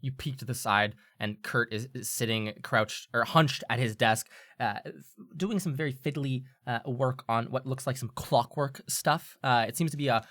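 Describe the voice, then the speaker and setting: A man's voice: mid-range voice, moderate pace, a bit bright, dry recording. A male game master narrating a tabletop role-play scene, rambling and searching for words with plenty of fillers. His voice sits mid-range and sounds dry and close to the mic. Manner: rambling, many fillers and restarts.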